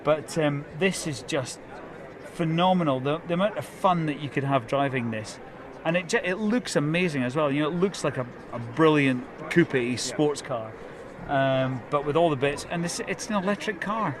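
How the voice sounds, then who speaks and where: A man's voice: fairly high pitch, expressive, moderate pace, a crowd in the background. A man, a radio presenter chatting enthusiastically and laughing a lot at an outdoor motor event. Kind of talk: excited casual chat.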